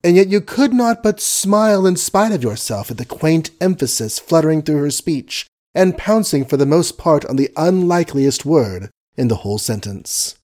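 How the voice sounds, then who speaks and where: Male audiobook narrator; measured, wry reading of period prose. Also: a little high, lively intonation, a little mellow. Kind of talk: scripted narration.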